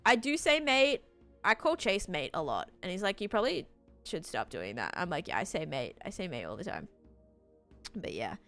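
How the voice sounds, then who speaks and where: A woman's voice: lowish voice, sing-song, normal speed, bright, forceful tone, soft background music. A young Australian woman chatting casually on a game stream, reading out chat and thanking supporters.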